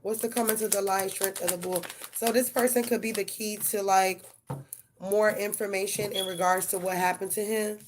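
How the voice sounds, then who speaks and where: A woman's voice: medium pitch, steady tone, moderate pace, noisy background. Profane woman doing live tarot readings. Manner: blunt, profane, talks straight to viewers. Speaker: tarot reader. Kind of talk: live-stream tarot reading and casual chat.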